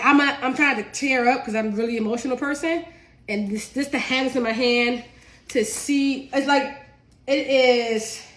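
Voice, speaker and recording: A woman's voice: fairly high pitch, a bit bright. Sniffly woman chatting through a live cook-along. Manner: chatty, addresses viewers as y'all, laughs easily. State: sick and sniffly. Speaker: home cook and cookbook author. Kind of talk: casual live cooking stream.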